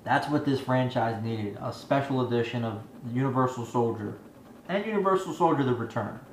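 A man's voice: medium pitch, normal speed, slight background noise. A man giving a profane, rambling movie review rant, exasperated and swearing constantly. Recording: echoey room with faint ambience.

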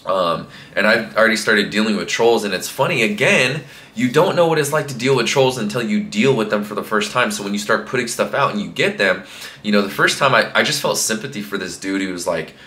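A man's voice: fairly low pitch, a little fast, bright, forceful tone. A young man talking casually to camera as a fitness coach, rambling with lots of fillers. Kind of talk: casual motivational talk to camera. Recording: echoey room.

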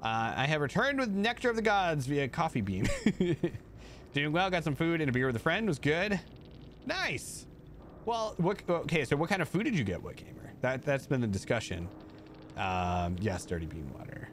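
An American man hosts a live stream, chatting casually and rambling as he reads and replies to his chat, his voice jumping up high whenever he thanks viewers. He speaks at a moderate pace in a sing-song, slightly bright voice, with a bit of hiss or hum in the audio.

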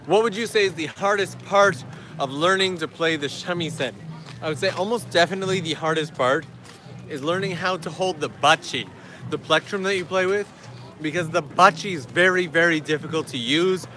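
A man's voice: on the high side, moderate pace, sharp tone, soft background music. A man hosting a casual livestream outdoors in a park, chatting and answering viewer questions as he walks. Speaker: livestream host. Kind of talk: casual live-stream chat.

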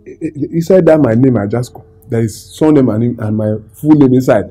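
A man's voice: mid-range voice, a little fast, dark tone, faint music behind, lightly acted. A man with a Nigerian accent playing a boastful young cook interviewing for a job, rambling and mixing in Pidgin. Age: 20s.

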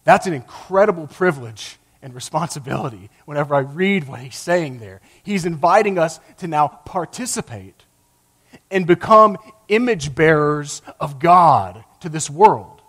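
Guy preaching hard, kinda high voice, gets loud then goes real quiet. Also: lively intonation, measured pace, husky. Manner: passionate, builds to loud emphatic peaks then drops low; acts out quoted lines in character voices. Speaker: pastor. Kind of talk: sermon.

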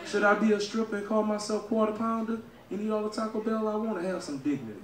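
A male stand-up comedian from Louisiana with a Southern American accent, loud and crowd-working, laughing at his own jokes. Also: high voice, fast, recorded from a distance. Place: comedy club stage. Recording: echoey club room, heard from afar.

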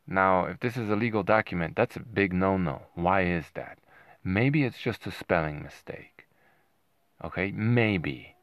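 Deep raspy guy ranting sarcastic at the camera, dry sound. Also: no room sound. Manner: combative, sarcastic, keeps asking "right?". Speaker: boxing commentator.

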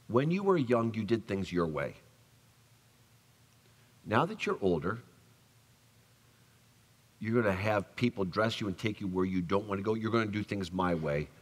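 A man's voice: fairly low pitch, unhurried, pauses often. Man, pastor, sermon, acts out quoted voices, long echo of a church. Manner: animated storytelling, acts out quoted voices, drops soft for tender lines. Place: church sanctuary.

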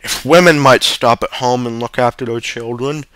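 A man's voice: medium pitch, normal speed, a bit bright, no room sound, lightly acted. A man voicing a fretful father in a pub, reading him aloud with a pleading, worried manner.

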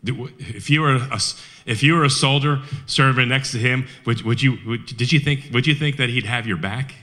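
A man telling a war history story at a Veterans Day event, animated, with rhetorical questions and frequent restarts. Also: mid-range voice, moderate pace.

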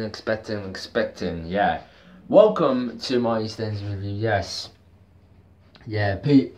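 A man's voice: lowish voice, a little mellow, highs cut off. A man giving a casual video review, rambling and repeating himself, with plenty of fillers. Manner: rambling, repetitive, lots of fillers. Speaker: TV soap reviewer.

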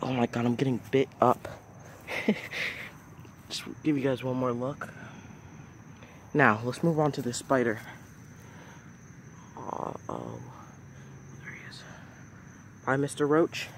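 A man's voice: medium pitch, steady tone, measured pace, long pauses, slight background noise. A young man vlogging outdoors at night on a phone, narrating casually and exclaiming in squeamish alarm about bugs. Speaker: nature vlogger.

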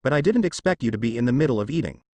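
A man voices a brash, cocky teenage boy ninja full of bold talk. The pitch jumps around with energy, and the recording is close and dry. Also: lively intonation, very fast, a little mellow, no room sound, natural voice.

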